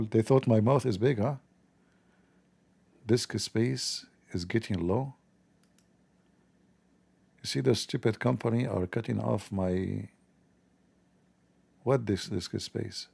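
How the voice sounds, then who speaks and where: Gravelly, dark-voiced man chatting on stream. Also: lowish voice, slow pace, long pauses. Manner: rambling, joking, talks to viewers. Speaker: live stream host. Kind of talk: casual live-stream chat.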